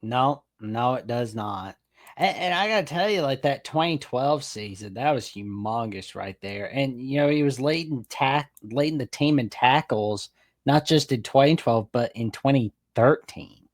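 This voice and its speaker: A man's voice: medium pitch, lively intonation, a little slow. A man co-hosting a casual sports chat, enthusiastic and rambling, with lots of "like" and "man". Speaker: podcast co-host.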